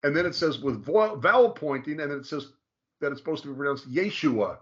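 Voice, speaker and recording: A man presenting in a casual explanatory discussion, halting and restarting often and drawing out key names slowly. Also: a little high, animated, fairly bright tone, dull audio. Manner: halting, frequent restarts, slow drawn-out stress on names.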